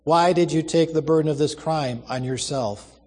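An earnest, compassionate young woman, voiced by a man in a storybook reading. She speaks urgently and persuasively, pitched higher than usual. A long echoing reverb surrounds the voice. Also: moderate pace, darkish tone, close to an everyday voice.

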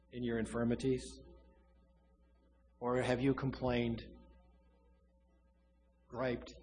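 A man preaching a sermon, swelling loud and then dropping to a hush, drawing out key words slowly. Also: on the high side, in a large hall. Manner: dramatic preaching, swells loud then drops to a hush, slow emphatic stresses.

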